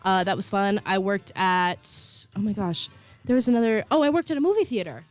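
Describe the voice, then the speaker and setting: A woman's voice: medium pitch, fairly quick, soft background music. A woman in her twenties co-hosting a student radio show, chatting casually with frequent laughs and fillers. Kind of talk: casual on-air chat. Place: college radio studio.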